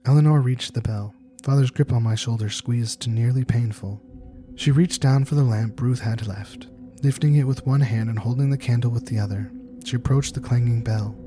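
A man reading a scripted horror story aloud in a measured, tense storytelling manner. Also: medium pitch. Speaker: narrator. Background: music.

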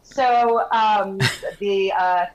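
A young woman telling a story casually on a talk show, animated, laughing often and swearing freely. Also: mid-range voice, drawn-out words, dull audio, slight background noise.

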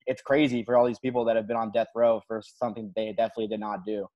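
A man's voice: on the low side, little pitch movement, quick pace, a little mellow, highs cut off. A man hosting a casual interview, speaking hesitantly with repeated words. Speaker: interview host.

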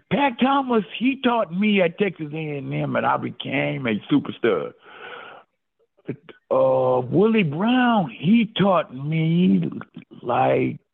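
An older man, a former football player, telling stories in a casual interview with lively, animated delivery and repeated address of the host. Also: medium pitch, vocal fry. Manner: animated storyteller who keeps addressing the host by name. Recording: phone-like, lo-fi line.

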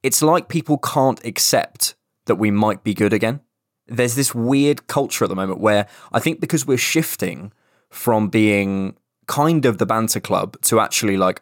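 Chatty man with a low voice. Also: animated, normal speed, dry recording, clean studio sound. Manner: chatty, rambling, swears casually. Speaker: podcast co-host. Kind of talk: casual chat.

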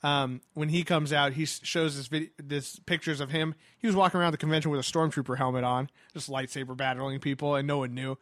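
A man excitedly telling a story in casual chat, animated, with lots of fillers and restarts. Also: a little high, brisk, hardly any pauses, no echo.

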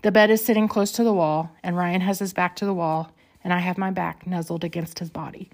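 A woman reading her own first-person memoir aloud in an earnest, unhurried, emotional way. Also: lowish voice, fairly even intonation.

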